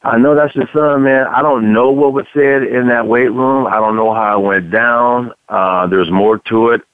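Man, casual sports radio talk, drawn-out delivery, dry close sound. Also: mid-range voice, fairly even intonation, smooth, dry recording, narrow, tinny audio. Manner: conversational, drawn-out, repeats "man". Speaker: sports talk show co-host, former football player.

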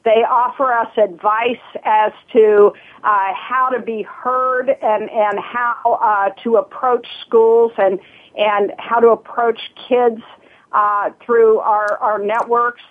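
A woman's voice: fairly high pitch, fairly even intonation, slow pace, slightly rough. A woman from Southern Ohio, a guest speaking earnestly in a casual interview, with many fillers and restarts. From Southern Ohio, USA. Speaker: guest, nonprofit leader. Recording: tinny phone line.

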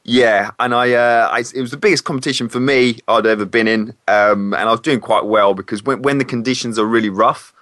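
A man's voice: mid-range voice, steady tone, a little fast, hardly any pauses, fairly bright tone, dry recording, studio quality. A man, a former PE teacher, talks candidly and hesitantly in a casual interview. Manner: candid, hesitant, self-correcting.

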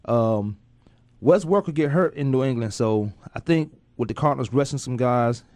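A man's voice: mid-range voice, expressive, normal speed, darkish tone, no room sound. A man hosting a casual sports talk radio show, playful and loose with slangy banter.

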